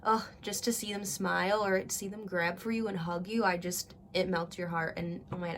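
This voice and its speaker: A woman's voice: medium pitch, flat delivery, moderate pace, hardly any pauses, a bit bright, slight background noise. A woman in her twenties hosting a casual crafting tutorial, chatty and thinking aloud as she works. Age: 20s. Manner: chatty, gushing, talks to viewers as "guys".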